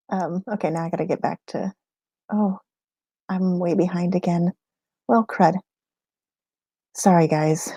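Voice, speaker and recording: A woman's voice: fairly low pitch, steady tone, a little slow, pauses often, dark tone, dry recording. A woman in a casual livestream chat, answering viewer questions about homeschooling, rambling and laughing often mid-sentence.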